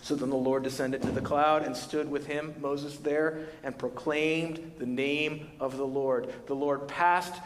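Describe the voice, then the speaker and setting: A man preaching a sermon as pastor, telling the story in a lively, casual way and acting out the voices of the people in it. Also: on the high side, a little slow, few pauses. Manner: animated storytelling, voicing Moses and God in casual paraphrase. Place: large church hall. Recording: church hall reverb.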